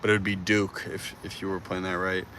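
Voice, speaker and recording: A young man in his twenties holds a casual live stream from a city street at night, answering viewers in a playful, teasing way, full of slang. His voice sits low. Faint traffic hums in the background. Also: level tone, brisk, bright, forceful tone. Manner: playful, teasing, slangy with lots of dude and bro. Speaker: livestreamer.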